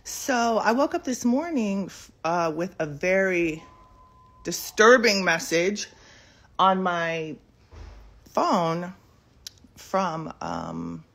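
A woman's voice: fairly low pitch, animated, very slow, long pauses, a bit bright. Chatty woman on a handheld phone. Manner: chatty, rambling, many ums. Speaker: vlogger. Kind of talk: casual live chat to viewers. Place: home in the morning. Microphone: phone held in hand.

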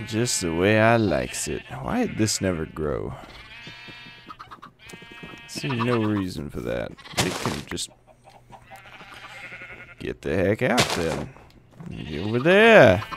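A man's voice: fairly low pitch, sing-song, slow, gravelly, long pauses, background noise. A man giving casual let's play commentary and playfully chatting to the animals in the game. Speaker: gameplay commentator.

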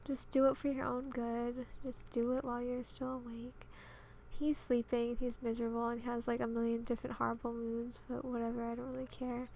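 A woman's voice: fairly high pitch, completely flat delivery, brisk, vocal fry, dark tone, slight background noise. A young woman giving casual commentary over her game at home, muttering and exasperated as things go wrong. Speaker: gaming channel host.

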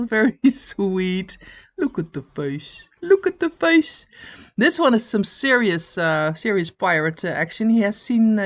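A woman's voice: medium pitch, a bit bright. Giggly, chatty woman gushing over crafts. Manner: chatty and giggly, with frequent 'uh' pauses; enthusiastic, piling on cute and cool. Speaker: crochet channel host. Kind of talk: casual commentary over pattern pictures.

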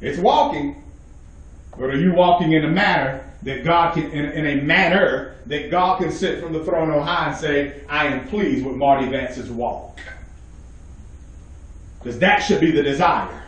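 A man preaches at a men's Bible study, emphatic and calling out to his listeners. His voice sits high. He is heard from a distance in a strongly echoing room. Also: unhurried, a bit bright. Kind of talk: sermon. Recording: very echoey room, mic far off.

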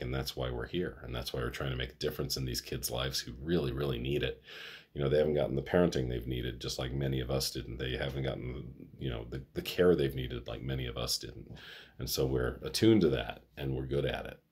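A man's voice: a bass voice, a little mellow, breathy edge. A middle-aged man rambling casually in a personal vlog, laughing often and swearing freely. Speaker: vlogger.

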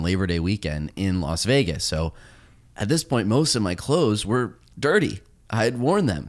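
Lively man telling stories. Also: on the low side. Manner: storytelling, advice-giving, animated. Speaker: podcast host. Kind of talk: casual podcast conversation.

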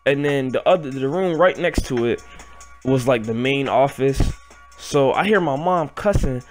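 Animated young man telling a story. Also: mid-range voice, a little slow, soft background music. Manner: animated, profane, rambling retelling. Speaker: vlogger. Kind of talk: storytime vlog.

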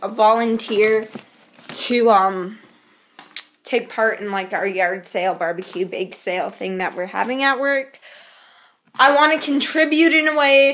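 A woman's voice: on the high side, expressive, slow pace, a bit bright. A young adult woman chatting to the camera in a casual vlog, rambling with lots of fillers. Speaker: vlogger.

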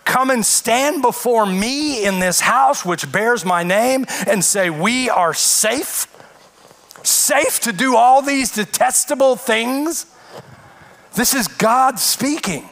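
Male pastor, high voice, emphatic sermon delivery with rhetorical questions. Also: a bit bright.

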